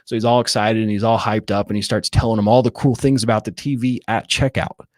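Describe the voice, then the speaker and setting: Here a fast-talking man with a lowish, fairly even voice describes, interview-style, how he handles sales calls in real estate wholesaling. Sample scripts get acted out, and "right?" comes up repeatedly. The audio is studio quality and echo-free.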